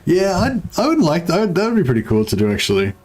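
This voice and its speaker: An Australian game streamer chats casually on his livestream in a darkish, somewhat high voice with huge pitch swings, talking fast. He rambles, swears freely, and often trails off mid-thought.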